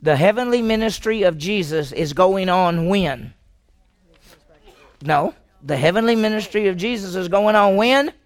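Pastor, man, slightly high gravelly voice, questions the room, acts out the quotes. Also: lively intonation, unhurried. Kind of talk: sermon.

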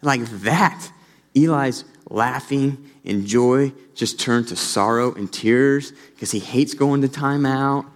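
A young adult man preaching an earnest sermon as a pastor, turning animated when he tells a family story. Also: mid-range voice, takes it slowly. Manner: earnest, rises animated when telling stories. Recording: long reverb of a large hall.

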